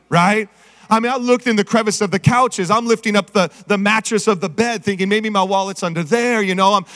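A middle-aged man preaching a sermon, energetic and calling out to the congregation. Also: high voice. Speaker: pastor. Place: church sanctuary. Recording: reverberant church hall.

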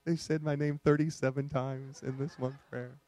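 A man's voice: mid-range voice, little pitch movement, moderate pace, a little mellow, no room sound, pitched below the performer's own voice, close to an everyday voice. A man voicing God, who looks down on a long prayer with fond amusement. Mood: fondly amused.

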